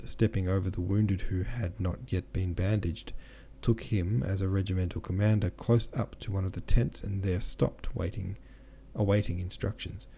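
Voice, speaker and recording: A man reading a classic novel aloud as a podcast narrator, steady, with small slips he corrects himself. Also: low-pitched, a little hiss or hum. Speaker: audiobook narrator and podcast host.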